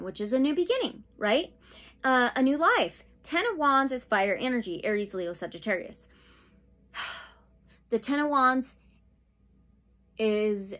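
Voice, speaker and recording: A woman giving a pick-a-pile tarot reading, slow and soothing, with sudden excited outbursts. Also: on the high side. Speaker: tarot reader.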